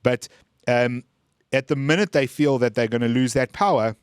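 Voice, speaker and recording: A man's voice: medium pitch, normal speed, clear, resonant tone, dry recording. A man co-hosting a political podcast, blunt and opinionated, with dry jokes. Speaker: podcast co-host. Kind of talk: casual political chat.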